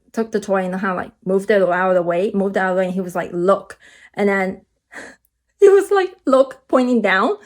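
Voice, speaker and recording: A young woman telling a long storytime vlog, rambling with many "like"s and restarts, and getting animated at the exciting parts. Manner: animated, jumps high when excited. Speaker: vlogger.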